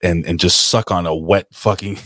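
A man with a very deep voice chats casually, crude and quick to joke. His voice sounds dry and close on a call mic. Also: steady tone, fairly bright tone, dry recording. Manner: crude, joking interjections. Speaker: podcast co-host. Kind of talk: casual chat.

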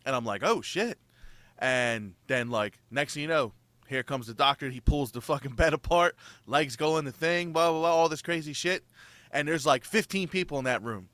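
A man's voice: on the high side, moderate pace, a bit bright, no room sound. A young man in casual chat, telling a story in a rambling way, swearing freely and acting out his own reactions. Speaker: new father telling a birth story.

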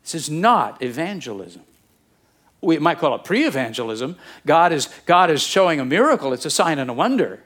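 A man preaches to his congregation. His voice sits a little higher than most men's. He talks conversationally, breaking off into asides and jokes as he goes. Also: sing-song, fairly quick, hardly any pauses, fairly bright tone. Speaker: pastor. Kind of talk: sermon.

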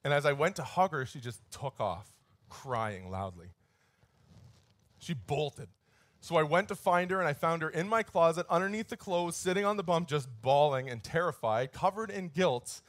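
A man in his thirties preaching a sermon with a fairly high voice, telling stories in an easy, conversational way. He leans in and pushes harder when he drives a point home. The sound is close and dry, with no room echo. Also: expressive, normal speed. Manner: conversational storytelling, rising intensity on key points. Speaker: pastor.

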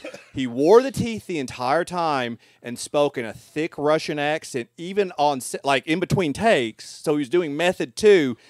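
A man's voice: on the high side, lively intonation, normal speed, few pauses, no echo, studio quality. A man co-hosting a casual movie podcast, rambling through a story with many fillers. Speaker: podcast co-host. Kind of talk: casual chat.

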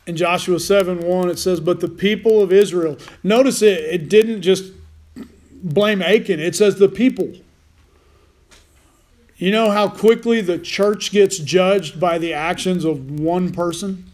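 A man's voice: sits high, measured pace, a little mellow. A man preaching a sermon as pastor, folksy and joking, with frequent restarts and asides.

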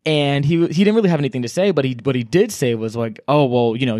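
A man's voice: mid-range voice, fast, no echo, studio quality. A man co-hosting a book club podcast, casually summarizing a plot and acting out the characters' lines. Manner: animated retelling, acts out characters' lines.

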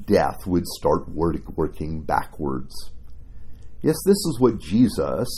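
A man preaching a devotional sermon, telling a story in an earnest, expressive way. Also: low voice, slow pace, slight background noise.

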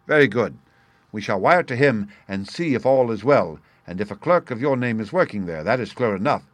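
A man reading the lines of a sharp, confident male detective in a crisp, explanatory manner. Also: medium pitch, fairly quick, no room sound, natural voice. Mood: explaining. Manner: crisp, explanatory, bursts of excitement.

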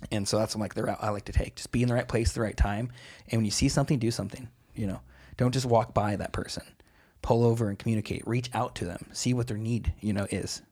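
A young man with a husky, slightly low voice talks quickly in a loose, rambling way. He tells stories in casual podcast chat, full of "like" and "you know". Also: fairly even intonation, darkish tone. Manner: rambling storyteller, lots of fillers. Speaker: guest.

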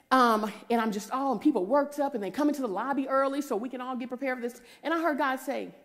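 Fast-talking, animated woman preaching. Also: sits high. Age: 40s. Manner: animated storytelling, acting out voices, rising to shouts. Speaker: speaker giving a testimony. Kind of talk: preaching testimony.

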